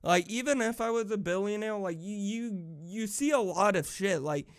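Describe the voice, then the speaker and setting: A man's voice: sits high, normal speed, smooth. A young man vlogger ranting casually, profane and rambling with lots of fillers. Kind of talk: casual rant.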